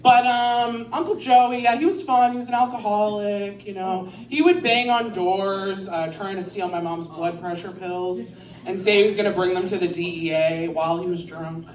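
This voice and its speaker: A woman's voice: medium pitch, steady tone, normal speed, darkish tone. A woman doing a stand-up set in a bar, rambling and crude, mocking herself on a handheld mic. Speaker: stand-up comedian. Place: bar with a live audience. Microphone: handheld stage mic. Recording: roomy bar, distant mic, crowd laughter.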